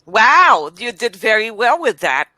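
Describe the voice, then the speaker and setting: A woman tutoring English on a video call, patient and encouraging, enunciating words slowly and carefully. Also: on the high side, big pitch swings, pushed and bright, dry recording. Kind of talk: online one-on-one language lesson.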